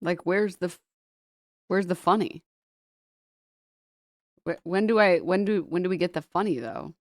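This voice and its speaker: A woman's voice: on the low side, unhurried, no echo. Woman streamer laughing and cursing through posts she reads out, dry close sound. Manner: laughing, swearing, reads posts aloud in mocking voices. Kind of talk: casual stream commentary.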